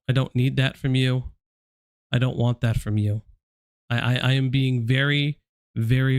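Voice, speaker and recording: A male live-stream host with a mid-range, slightly mellow voice speaks bluntly and confrontationally to someone he addresses directly, in casual commentary. The recording is dry, with clean studio sound.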